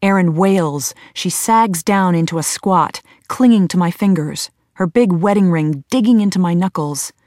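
A woman reading a first-person audiobook in a measured, tense storytelling manner. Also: on the low side, darkish tone, dry recording, clean studio sound. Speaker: audiobook narrator.

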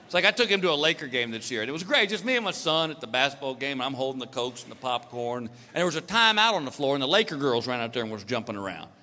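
A man performing a stand-up comedy routine, telling animated family stories and acting out his son and wife. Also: medium pitch, fast, few pauses. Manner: animated storytelling, acts out family members. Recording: live hall recording with loud background noise.

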